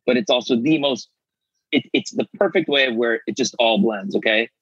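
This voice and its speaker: A middle-aged man, an actor guest, telling animated stories in casual chat and acting out the voices of people he quotes. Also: mid-range voice, moderate pace, husky, no echo, lo-fi sound. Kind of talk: casual storytelling.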